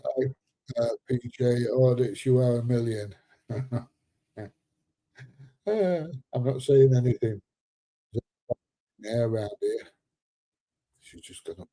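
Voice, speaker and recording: Husky, dark-voiced man of seventy. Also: mid-range voice, slow pace, pauses often, no room sound. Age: 70s. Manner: chatty and joking, laughs often, drops into slang. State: a bit congested. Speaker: live streamer. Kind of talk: casual live-stream chat reading viewer comments.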